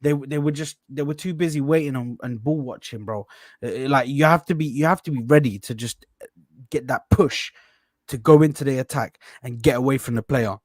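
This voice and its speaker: A man's voice: medium pitch, moderate pace, dry recording, clean studio sound. A man hosting a football reaction panel in casual, slangy chat. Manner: animated, slangy, says bro a lot. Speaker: channel host.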